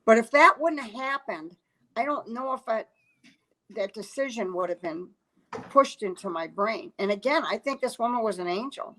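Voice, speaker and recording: Comedian lady telling a story, animated, acts out everybody's lines. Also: fairly high pitch, normal speed, slight background noise, low-quality recording. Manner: animated storyteller, acts out quotes, laughs often. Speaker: comedian guest. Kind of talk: storytelling chat.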